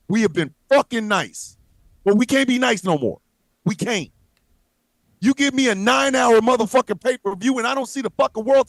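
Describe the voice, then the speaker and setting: A man's voice: very high voice, dry recording. A man co-hosting a livestream, ranting angrily and profanely with lots of repetition. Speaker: co-host. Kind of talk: heated livestream rant.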